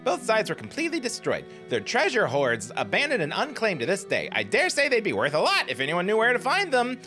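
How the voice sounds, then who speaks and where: A man's voice: sits high, wildly swooping pitch, a little fast, over music, voice pushed up. A man voicing a cheery, chatty eccentric village woman in a game playthrough, sweetly pushy as she hands out errands. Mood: chirpy.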